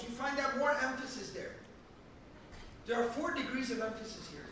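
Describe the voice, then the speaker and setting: An Islamic teacher with a very high, bright voice gives a Quran commentary lesson, explaining points earnestly and emphatically and reciting in Arabic. He speaks fairly quickly. A distant camera in a large mosque hall captures heavy echo over a faint room hum.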